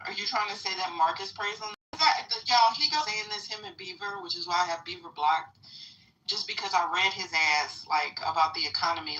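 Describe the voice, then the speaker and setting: A woman's voice: on the low side, brisk, sharp tone, distant mic, slight background noise, poor audio. A middle-aged woman hosting a live audio chat room, talking bluntly and casually, swearing freely and addressing the listeners directly.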